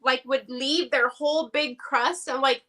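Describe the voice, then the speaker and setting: A woman guest chatting casually on a live stream over a video call, quick to agree and chiming in often. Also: high-pitched, steady tone, bright, forceful tone, poor audio.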